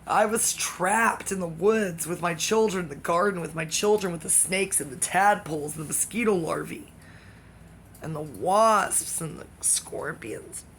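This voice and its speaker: A speaker delivering a rambling comic monologue that jumps between topics, with excitable outbursts and sudden drops into whispers. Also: mid-range voice, a little slow, slight background noise.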